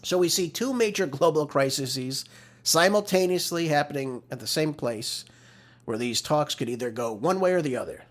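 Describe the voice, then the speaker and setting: A man's voice: on the high side, expressive, moderate pace. A man hosting a political talk show, delivering emphatic, exasperated solo commentary into a close mic.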